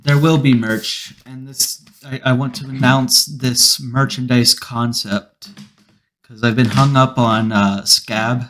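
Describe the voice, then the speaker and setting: A man's voice: medium pitch, steady tone, slow pace, a bit bright, a little hiss or hum. A man hosting a casual comedy podcast, rambling through stories and mock-serious rants with plenty of swearing. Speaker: podcast host. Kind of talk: casual chat.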